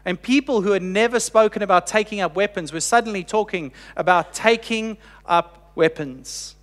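Male pastor, sermon, earnest storytelling, high voice, long hall reverb. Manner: earnest storytelling, slow emphatic pauses, drops to quiet for quoted lines.

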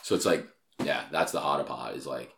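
A man's voice: extremely low pitch, a little fast, fairly bright tone, reverberant, a little hiss or hum. A young Australian man in casual chat, a profane, rambling storyteller. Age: young adult. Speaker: comedian and podcast host.

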